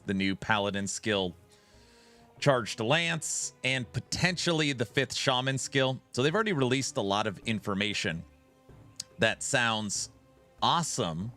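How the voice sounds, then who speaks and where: A man streaming a game and chatting casually with his viewers, animated and often repeating the start of his sentences. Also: on the low side. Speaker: game streamer reading chat. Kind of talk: casual livestream chat.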